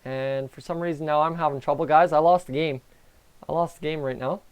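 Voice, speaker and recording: Excitable Canadian man reacting live. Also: fairly high pitch, a little fast, clear, resonant tone. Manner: excitable, chatty, talks to viewers. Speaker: livestream host. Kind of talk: live game reaction commentary.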